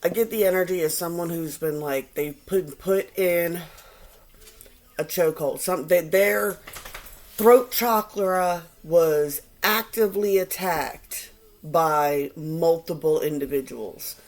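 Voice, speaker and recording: A woman giving a casual tarot reading to viewers, animated and quick to mimic the people she quotes. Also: fairly low pitch. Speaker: tarot reader.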